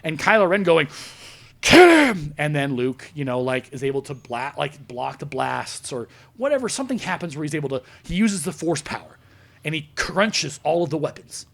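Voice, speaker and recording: Gravelly guy on a studio podcast, super animated, pitch jumping all over while he tells the story. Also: fairly quick. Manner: excitable storyteller, acting out scenes. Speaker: podcast host. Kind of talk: casual chat.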